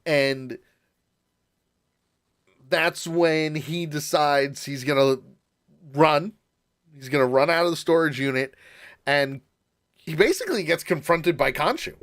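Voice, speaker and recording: A man co-hosting a casual podcast, talking through an episode with many restarts, repeated words and easy laughter. His voice sits a little higher than most men's. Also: lively intonation, slow, pauses often, fairly bright tone. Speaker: podcast co-host. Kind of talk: casual chat recapping a show.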